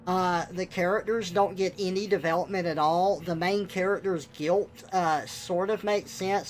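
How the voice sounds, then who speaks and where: A man's voice: high voice, slight background noise. A young man on a live stream, ranting bluntly and with exasperation, swearing now and then. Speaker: livestreamer. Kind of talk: casual live-stream rant.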